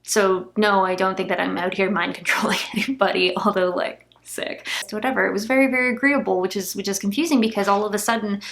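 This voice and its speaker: Young woman vlogger, raspy fry, candid and emotional telling of a family conflict. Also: medium pitch, fairly even intonation, quick pace, hardly any pauses, a bit bright. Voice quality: gravelly fry. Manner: emotional, recounting an argument, near tears at times. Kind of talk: candid personal vlog storytelling.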